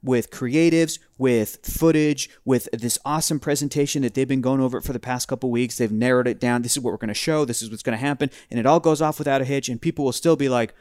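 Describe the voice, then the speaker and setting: A man talks quickly and eagerly on a casual podcast, his voice at a medium pitch. He acts out other people's reactions as he goes. The sound is dry and close, with no room echo. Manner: animated, acts out quoted reactions. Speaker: podcast co-host. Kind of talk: casual chat.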